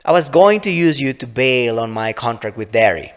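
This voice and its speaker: A man's voice: mid-range voice, animated, moderate pace, clean tone, lightly acted. A man voicing a cruel, smug fairy woman. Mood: sneering. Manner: sneering, condescending. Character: cruel smug female fairy, mocking and cold. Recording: long reverb.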